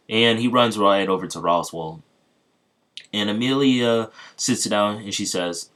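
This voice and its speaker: A man's voice: lowish voice, unhurried, fairly bright tone. A man casually making up and telling a story, chatting loosely with his viewers as he goes. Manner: loose, off-the-cuff retelling with asides to viewers. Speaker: channel host. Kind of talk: casual improvised fan-fiction storytelling.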